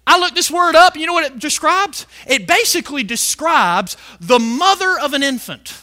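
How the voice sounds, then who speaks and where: A male preacher delivering a fiery sermon, shouting some lines and stretching words out slowly for emphasis. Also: very high voice, expressive. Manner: fiery, shouting emphasis with big swings in loudness.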